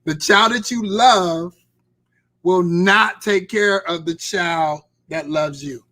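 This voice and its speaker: A man's voice: high-pitched, slow, pushed and bright. A male host and pastor, exhorting his live-stream audience with fervent repetition. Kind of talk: live-stream sermon talk.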